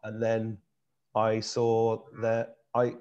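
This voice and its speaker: A man's voice: fairly low pitch, very slow, dull audio. Earnest middle-aged British man telling a story. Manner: earnest, animated, repeats himself while searching for words. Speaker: host. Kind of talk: casual conversational storytelling.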